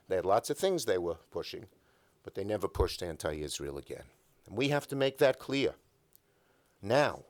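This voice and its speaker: A man's voice: fairly low pitch, a little mellow. An older man, an elected official, giving an emphatic speech at a breakfast event, telling stories and stacking up repeated phrases at a podium microphone.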